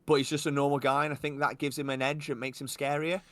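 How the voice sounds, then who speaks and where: Bloke co-hosting a chat podcast, opinionated, casual swearing. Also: male voice, on the high side, flat delivery, quick pace, fairly bright tone, no echo. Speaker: podcast co-host.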